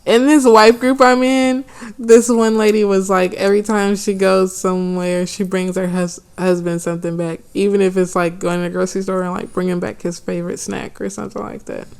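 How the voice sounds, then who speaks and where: A woman with a gravelly voice at a middle pitch co-hosts a relationship podcast with her husband. She speaks in a dry, steady way and keeps steering the talk back on track. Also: brisk. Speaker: podcast co-host. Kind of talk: casual married-couple chat.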